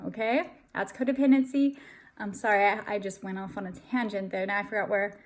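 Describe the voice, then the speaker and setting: A woman's voice: medium pitch, fairly even intonation, fairly quick. A young adult woman giving earnest, emphatic relationship advice straight to her viewers in casual talk. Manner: earnest and emphatic, addresses viewers as you guys. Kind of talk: casual direct-to-camera talk.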